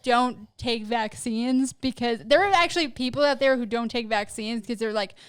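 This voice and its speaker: A woman's voice: on the high side, moderate pace, smooth, dry recording. A woman co-hosting a comedy podcast who talks in a casual, blunt way and laughs readily. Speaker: podcast co-host.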